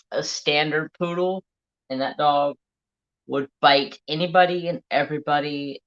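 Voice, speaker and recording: A man's voice: medium pitch, fairly bright tone, muffled recording. A man hosting a casual crafting livestream, telling salty, rambling stories and greeting viewers in the chat. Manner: rambling, salty storytelling while reading live chat. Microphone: handheld phone.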